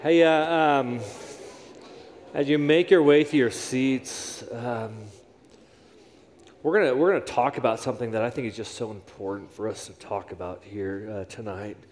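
A pastor preaches in a church sanctuary, repeating his phrases for emphasis. His voice is mid-range and darkish at a normal speed, surrounded by the long reverb of a large hall.

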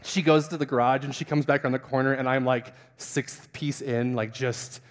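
A young man, a pastor, telling a funny self-mocking story in a sermon and acting out the voices with big jumps in pitch. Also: flat delivery, moderate pace. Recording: long hall reverb.

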